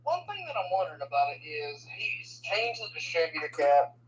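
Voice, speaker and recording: A man's voice: a little high, sing-song, normal speed, a bit bright, poor audio. A man in his twenties chatting casually and easygoing with a friend, often saying dude and man. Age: 20s. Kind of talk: casual chat.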